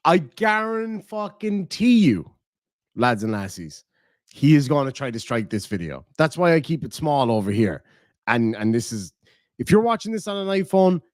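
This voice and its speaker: A man's voice: mid-range voice, big pitch swings, measured pace, no echo, clean studio sound. A man with an Irish accent giving profane, mocking reaction commentary on a stream.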